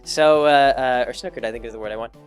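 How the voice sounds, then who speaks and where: A young man rambling through an improvised story, restarting often and acting out characters in quick bits. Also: mid-range voice, faint music behind. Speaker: comedy podcast host.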